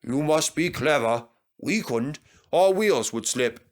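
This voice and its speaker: A man's voice: on the high side, expressive, slow pace. A man voicing a polite, curious little male engine asking eager questions.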